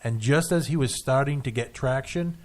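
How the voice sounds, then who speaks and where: A man co-hosting a casual radio show in a studio, talking in halting restarts with dry jokes. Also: mid-range voice, a little mellow. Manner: hesitant, restarts often, dry joking.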